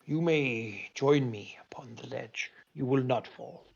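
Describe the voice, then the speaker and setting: Man voicing a gravelly ancient wind spirit. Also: mid-range voice, a little slow, lo-fi sound. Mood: hushed.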